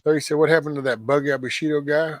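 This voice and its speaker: With a crowd audible behind him, a man talks at a quick pace in a fairly high voice. He hosts a live stream, telling stories casually, voicing the quotes himself and swearing freely.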